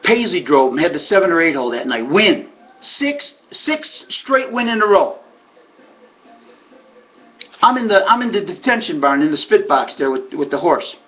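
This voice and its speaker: A man's voice: sits high, big pitch swings, moderate pace. A man, a former harness racing trainer, telling a story and acting out other people's lines. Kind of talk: storytelling monologue. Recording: muffled lo-fi recording.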